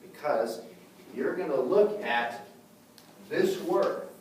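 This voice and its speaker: A man's voice: a little high, lively intonation, slow pace, far from the mic, slight background noise. A man teaching a language class, explaining patiently and often checking in with the students. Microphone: far camera. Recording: very echoey room, recorded from afar.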